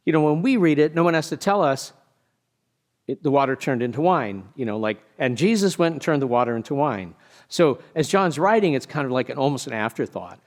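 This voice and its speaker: A man, a pastor, giving a conversational sermon with casual asides and animated storytelling. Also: a little high.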